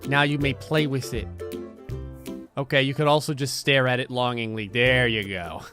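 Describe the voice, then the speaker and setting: Man, sarcastic gameplay commentary, mid-pitched voice, faint music behind. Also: fairly even intonation, normal speed. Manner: sarcastic, jumps into silly high voices. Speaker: gaming channel host. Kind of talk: comedic life-sim gameplay commentary.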